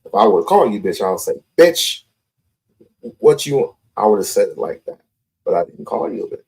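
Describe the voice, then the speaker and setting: A man's voice: deep voice, big pitch swings, quick pace, mellow. A man hosting a live call-in stream, talking confrontationally and repeating his points. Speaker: livestream host.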